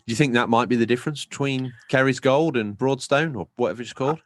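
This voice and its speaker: A man's voice: mid-range voice, quick pace, no echo. A man from England co-hosting a podcast in casual chat, rambling through comic stories and acting out the other people in them. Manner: rambling comic storytelling with put-on dialogue. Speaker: podcast co-host.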